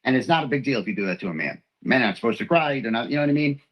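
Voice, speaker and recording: A man's voice: mid-range voice, expressive, very fast, dull audio. A man from Texas hosting a livestream, ranting in a rambling, profane, hurt way. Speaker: livestream host. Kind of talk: emotional livestream rant.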